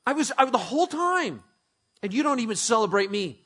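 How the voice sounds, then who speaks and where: A man's voice: very high voice, sing-song, brisk, bright, forceful tone, voice pushed up, full character voice. A man doing a sulking, indignant older brother. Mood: indignant whining. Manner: whiny, aggrieved complaining.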